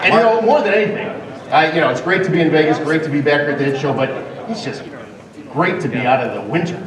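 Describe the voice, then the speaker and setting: A man bantering on a live stage show, his voice on the higher side as he sets up one playful joke after another. He is picked up from across an echoing hall, and a crowd is clearly audible behind him. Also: fast, recorded from a distance. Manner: punchline setups, playful. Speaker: guest executive. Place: large event hall with audience.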